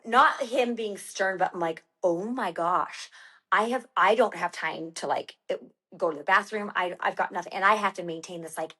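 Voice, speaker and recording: A woman's voice: medium pitch, a bit bright. A woman guest on a podcast, telling a story casually with many fillers and acting out her own quoted lines.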